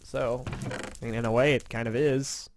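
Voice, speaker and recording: A man's voice: mid-range voice, steady tone, moderate pace, a little hiss or hum. A man from Indiana casually chatting over a game he is playing, rambling and self-mocking, tired from little sleep. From Indiana, USA. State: tired, yawning. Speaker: gaming commentator. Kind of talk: casual let's-play chat.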